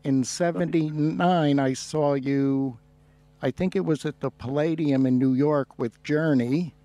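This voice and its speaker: A man's voice: a little high, fairly even intonation, a little slow, mellow, no room sound, muffled recording. A man hosting a casual radio interview, reminiscing in a rambling way with many restarts. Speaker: radio host.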